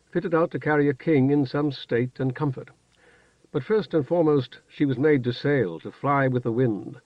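A man narrating a fantasy novel in a measured, even storytelling manner. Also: mid-range voice, dry recording. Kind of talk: audiobook narration. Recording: dull, dry studio recording.

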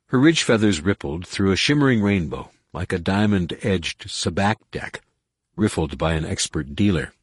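A man narrating an audiobook in a measured, dramatic way. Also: sits low, expressive, breathy edge, no echo, clean studio sound. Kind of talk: scripted narration.

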